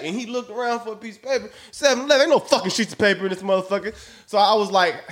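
A man's voice: sits high, lively intonation, brisk, a bit bright. A man hosting a podcast, telling a rambling, profane, joking story into a phone mic. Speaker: podcast host. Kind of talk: casual storytelling monologue.

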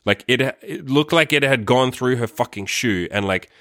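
A man's voice: mid-range voice, moderate pace, a bit bright, no echo, clean studio sound. A young man telling a long personal story in a casual, rambling way, swearing often and saying "like" constantly, into a microphone. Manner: rambling, profane, heavy use of "like".

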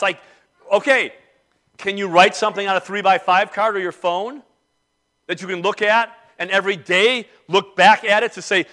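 Bright-voiced emphatic male preacher. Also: high voice, steady tone, moderate pace. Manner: emphatic preaching, swinging between soft and loud. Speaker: pastor. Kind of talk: sermon.

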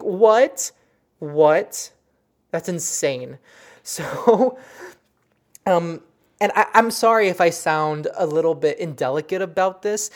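A woman telling stories of her psychic readings in a casual, animated monologue, full of fillers and restarts. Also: low-pitched. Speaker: psychic medium recounting readings.

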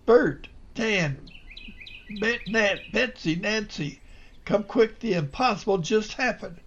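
A man voicing an emotional frontier husband, speaking in excited, tumbling exclamations. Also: high voice, takes it slowly, lo-fi sound, voice pushed up, heavily acted. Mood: excited calling.

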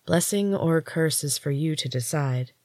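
A woman reading aloud, voicing a calm young woman who speaks evenly and reassuringly. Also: sits low, a little slow, no room sound. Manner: even and reassuring. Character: calm, steady young woman, protective guide.

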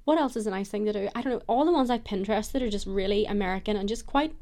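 A woman's voice: mid-range voice, fast talker, vocal fry, warm tone. A young woman, hosting a podcast alone in a candid, self-mocking, chatty way. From Ireland. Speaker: podcast host. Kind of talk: casual solo chat.

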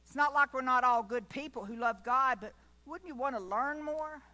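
A woman preaches a sermon with a high, bright, forceful voice. She keeps the delivery folksy, breaking off into chatty asides and small jokes before returning to her point. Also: normal speed.

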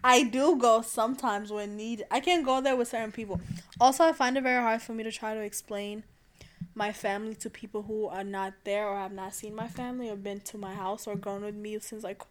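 A woman's voice: mid-range voice, fairly even intonation, a little fast. A young woman in casual chat with a friend, chatty and laughing often, full of fillers. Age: young adult.

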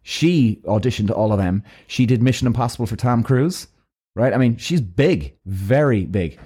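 An Irish man telling a personal story in a loose, swearing, animated way, acting out both sides of each conversation. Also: medium pitch, normal speed, breathy edge. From Ireland. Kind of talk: casual storytelling.

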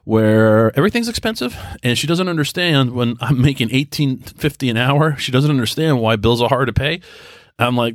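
A man's voice: mid-range voice, lively intonation, fairly quick, no echo, clean studio sound. A man in his thirties hosting a solo casual podcast from home, rambling and self-deprecating with many restarts. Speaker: podcast host. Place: quiet home.

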